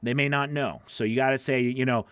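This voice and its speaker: A man's voice: medium pitch, fairly even intonation, brisk, fairly bright tone, no echo. A man coaching voice-over freelancers, critiquing their gig pages live in a casual, encouraging way, repeating himself with many fillers, from home.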